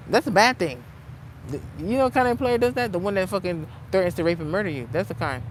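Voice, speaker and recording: A woman vlogging in a casual rant, blunt and profane, swinging between low muttering and loud heated outbursts. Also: slight background noise, low-quality recording. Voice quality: blunt, heavily profane street talk. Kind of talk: casual unscripted vlog rant.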